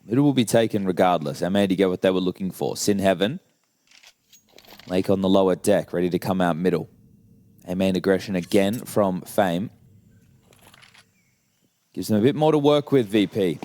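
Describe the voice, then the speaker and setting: Measured esports color commentator, man. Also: deep voice, mellow. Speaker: esports caster.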